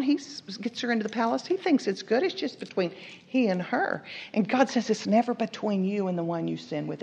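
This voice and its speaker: A woman preaching a sermon, telling the story with lively asides, acting out the characters' lines and asking the listeners questions. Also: a little high, vocal fry. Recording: dull lo-fi recording.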